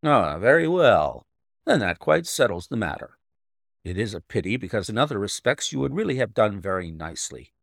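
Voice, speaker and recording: A man reading an audiobook, voicing a fussy, odd gentleman employer who coaxes in a persuasive way. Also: fairly low pitch, sing-song, moderate pace, creaky, dry recording, studio quality. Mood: regretful.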